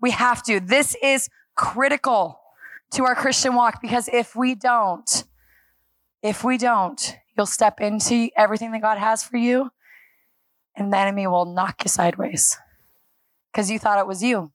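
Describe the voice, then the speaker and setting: A woman speaking at a church on a handheld microphone, giving a lively, self-deprecating sermon that acts out her talks with God. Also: a little high, measured pace, no room sound. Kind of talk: conversational sermon. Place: church stage.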